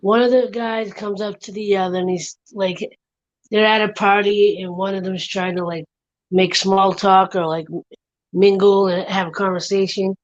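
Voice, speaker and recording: A woman's voice: mid-range voice, steady tone, normal speed, no room sound, lo-fi sound. A woman hosting a casual livestream chat from her home room, telling stories in a rambling, giggly way.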